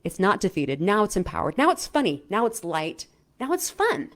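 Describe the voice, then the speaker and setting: Middle-aged woman coach talking to camera, kinda low voice, chatty and animated, lots of "right?". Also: fairly quick. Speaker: self-help coach. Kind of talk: casual explainer talk to camera.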